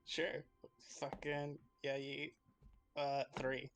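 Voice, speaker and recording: A man's voice: medium pitch, monotone, extremely slow, music in the background. A man playing a tabletop game, talking bluntly and swearing casually. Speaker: player. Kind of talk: tabletop role-play.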